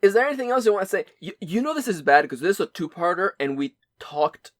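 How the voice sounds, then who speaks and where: A man's voice: sits high, sing-song, fast, dry recording, studio quality. A man co-hosting a podcast in casual chat, stumbling over restarts and cracking crude jokes. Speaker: podcast co-host.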